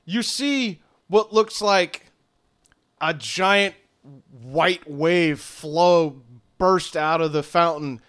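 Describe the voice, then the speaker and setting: A man running a tabletop game as game master, narrating scenes in an unhurried way with fillers. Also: on the high side, a bit bright, smooth.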